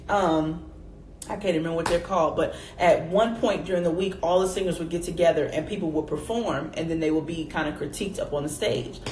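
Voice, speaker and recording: Woman in her twenties, personal storytelling vlog, slightly low voice, lively retellings, calls viewers y'all, echoey room, faint background noise. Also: fairly quick. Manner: animated, acts out her own past reactions in a high voice; addresses viewers directly as y'all. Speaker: faith vlogger.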